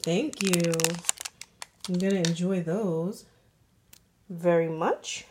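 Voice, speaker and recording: In a casual vlog, a woman unboxes jewelry in her apartment, gushing and sounding thankful. Her voice is fairly low and slow, and the background is noisy, with a train faintly passing outside.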